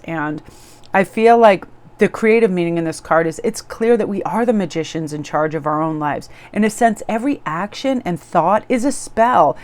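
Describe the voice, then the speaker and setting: Bubbly woman tarot reader, kinda low voice, chatty and gushy. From Korean heritage, living in New England. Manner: bubbly, gushing, chatty storytelling. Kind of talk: casual chat to viewers.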